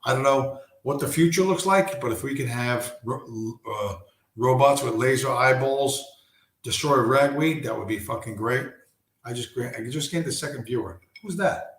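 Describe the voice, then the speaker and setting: A man hosting a casual late-night livestream from home, hoarse and losing his voice, talking in a rambling, profane way full of restarts. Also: medium pitch, normal speed, a bit bright, reverberant. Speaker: livestream host.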